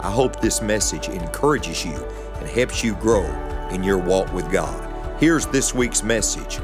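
Deep low-pitched guy reading a church intro, music playing under it. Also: animated, unhurried. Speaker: announcer. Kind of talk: scripted intro. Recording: music behind the voice.

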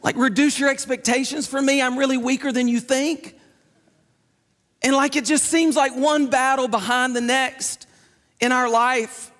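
A man preaching a sermon as pastor, telling stories in lively quick bursts. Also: very high-pitched. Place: church sanctuary. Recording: long reverb in a church hall with faint music.

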